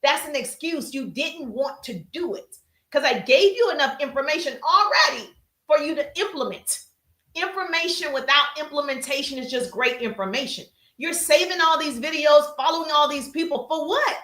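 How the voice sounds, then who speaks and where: A woman teaching social media business strategy on a live stream, energetic and emphatic, calling out to viewers in the chat. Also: sits high, moderate pace, reverberant.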